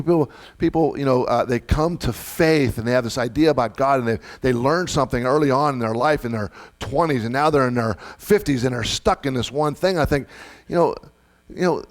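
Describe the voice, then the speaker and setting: A man who is a pastor, preaching a casual sermon with many restarts and frequent tag questions. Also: medium pitch. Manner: conversational, repeats words, often asks "right?".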